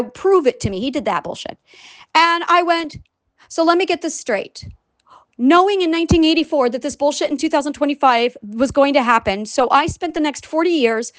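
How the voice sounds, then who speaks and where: A woman's voice: sits high, dry recording. A woman talking to camera in a rambling, emphatic monologue, swearing often and restarting her sentences.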